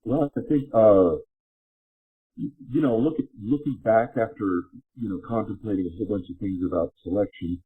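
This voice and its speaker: A man talking as a podcast guest, speaking casually in halting sentences with frequent restarts. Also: on the low side, husky. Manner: halting, with many restarts and fillers. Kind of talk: casual conversation. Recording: phone-line call audio.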